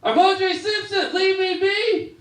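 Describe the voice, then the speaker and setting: A comedian puts on a frantic, shouting man on trial who sings out his innocence in bouncy rhymes. The voice sits far higher than his own. The sound is roomy and a little distant, off a club stage. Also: fairly even intonation, a little slow. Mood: frantic pleading. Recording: echoey club room, slightly off-mic.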